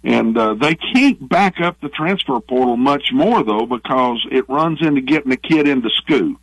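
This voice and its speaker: Folksy Southern former athletic director. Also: male voice, mid-range voice, expressive, moderate pace, a bit bright, no room sound, lo-fi sound. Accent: Southern American. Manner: folksy, opinionated, rambling. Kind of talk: phone-in guest interview.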